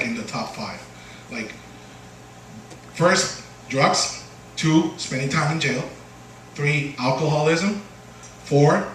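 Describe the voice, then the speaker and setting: A man doing a stand-up set on a small bar stage, halting with lots of uh and restarts, and jumping high when quoting voices. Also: distant mic, noisy background. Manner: halting delivery full of uh and restarts, jumps high for quoted voices. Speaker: stand-up comedian. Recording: echoey bar room recorded from afar. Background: bar crowd ambience and laughter.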